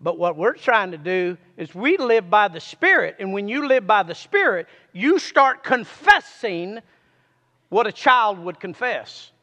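A man preaches in a strikingly high, bright voice that swings widely in pitch. He takes his time, pressing the congregation to say lines back to him. His words ring out with a long reverb, as in a large hall. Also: very animated, measured pace. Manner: call-and-response, urging listeners to repeat. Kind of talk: sermon.

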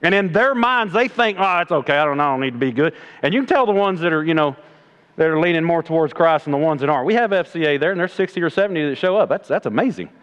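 Man preaching, fairly high voice, animated, folksy, swings loud and low. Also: fast, smooth. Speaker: preacher and middle school coach. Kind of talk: sermon.

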